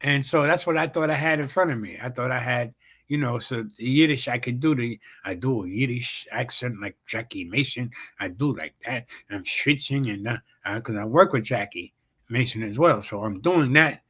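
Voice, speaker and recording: A man's voice: medium pitch, normal speed, fairly bright tone, breathy edge. A comedian hosting his own show tells a rambling, profane story full of fillers and repeated "bam, bam". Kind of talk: casual storytelling on a livestream show.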